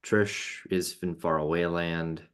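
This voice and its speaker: A man's voice: low-pitched, steady tone, slow, clean tone. A man hosting an online webinar over a video call, laid-back and joking, with slangy casual talk. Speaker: webinar host. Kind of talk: casual presenting.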